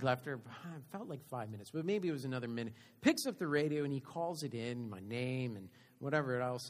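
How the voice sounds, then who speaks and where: A middle-aged pastor giving a sermon, telling a personal story and swinging between loud and quiet delivery. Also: male voice, medium pitch.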